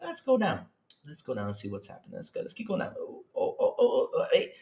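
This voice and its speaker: A man streaming a casual reaction to his chat, excitable and full of mock outrage. His high voice swings up and down a lot, and it rings in an echoey room. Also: fast. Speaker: streamer host.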